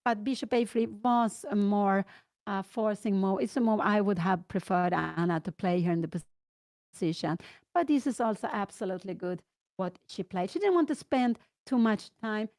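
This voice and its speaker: A woman in her sixties with a Swedish accent, commentating a chess game live and thinking aloud through move lines, getting excited. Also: mid-range voice, normal speed, no room sound. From Sweden.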